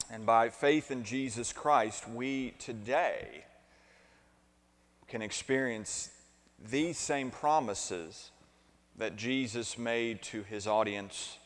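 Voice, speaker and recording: A man preaching a sermon as pastor, deliberate at first and building to emphatic points, asking the congregation to repeat after him and answer his questions. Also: mid-range voice. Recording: long reverb of a large hall.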